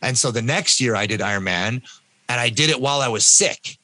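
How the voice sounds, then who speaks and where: A Canadian man in his fifties, a podcast guest telling his own story in a lively way and acting out what other people said. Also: mid-range voice, brisk, no room sound. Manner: animated, acts out other people's lines. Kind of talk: personal storytelling in an interview.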